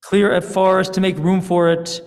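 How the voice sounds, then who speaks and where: A man's voice: sits high, flat delivery, normal speed, vocal fry, a little mellow, voice pushed up. A man voicing an angry, weary God who declaims accusations in a commanding way. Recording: long hall reverb.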